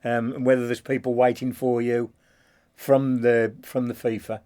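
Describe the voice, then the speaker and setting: A man's voice: mid-range voice, little pitch movement, moderate pace, mellow. A male presenter asking a guest long, curious, rambling questions in a studio chat. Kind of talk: interviewing a guest.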